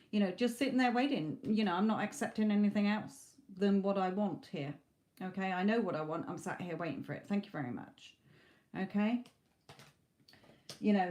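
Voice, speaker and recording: A woman's voice: lowish voice, darkish tone. A woman reading tarot cards on a live stream, chatty and reassuring, tired and losing her voice late at night. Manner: chatty, reassuring, says okay and you know often. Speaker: tarot reader.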